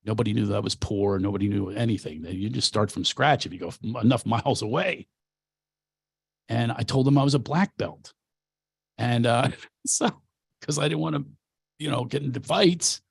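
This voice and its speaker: Gravelly man telling animated stories. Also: medium pitch, normal speed, long pauses, no echo, clean studio sound. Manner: animated, acts out quotes, laughs often. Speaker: comedian speaking at an actors' workshop. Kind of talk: storytelling talk.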